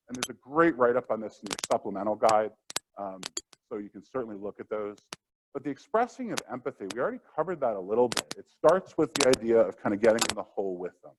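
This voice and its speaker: Brief: male workshop lecturer, animated pitch, casual and chatty delivery, noisy recording. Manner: conversational, acts out quotes. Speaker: workshop presenter. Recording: steady background noise.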